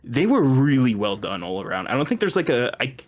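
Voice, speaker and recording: A man's voice: mid-range voice, very animated, brisk. A man co-hosting a podcast in casual chat, teasing and laughing often. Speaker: podcast co-host.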